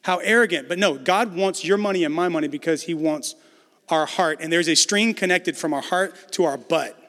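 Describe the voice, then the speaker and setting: A man's voice: a little high, normal speed, fairly bright tone, long reverb tail. A man preaching a conversational sermon as pastor, building emphasis through repetition.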